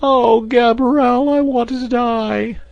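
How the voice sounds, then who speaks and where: A man voicing a terrified, wailing woman servant in a shrill falsetto for an audiobook. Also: fairly even intonation, unhurried, creaky, dry recording, highs cut off, exaggerated voice. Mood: wailing terror. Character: frightened plump maid, woman, wailing and easily terrified.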